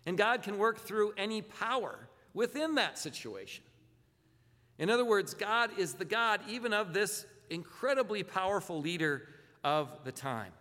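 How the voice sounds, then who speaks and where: A man's voice: high-pitched, expressive, normal speed, sharp tone, in a large hall. A man preaching a sermon as a pastor, talking conversationally, often repeating words and posing rhetorical questions. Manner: conversational, self-correcting, asks rhetorical questions.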